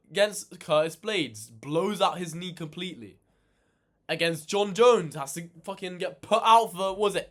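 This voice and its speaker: A man ranting in casual reaction commentary, animated and swearing a lot, exasperated. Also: sits high. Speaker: reaction channel host.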